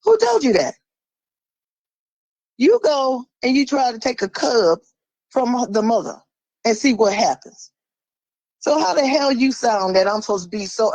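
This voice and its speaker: Forceful preachy woman on a dry mic. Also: fairly high pitch, dry recording, rough recording. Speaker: caller. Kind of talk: impassioned monologue.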